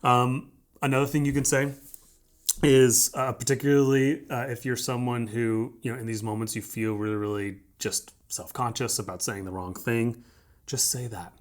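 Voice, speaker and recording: A man's voice: medium pitch, level tone, normal speed. A man preaching as a pastor, talking conversationally and emphatically, repeating his points and checking in with "right?". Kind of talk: sermon.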